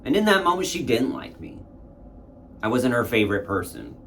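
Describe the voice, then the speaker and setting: A man's voice: medium pitch, very animated, moderate pace, a bit bright, slight background noise. A man casually telling a candid, reflective personal story and acting out his own past thoughts. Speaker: spiritual content creator.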